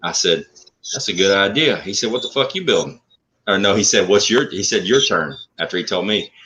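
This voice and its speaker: A man telling a story in a blunt, profane, animated way in casual talk. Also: sits low, a little fast. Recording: muffled lo-fi audio.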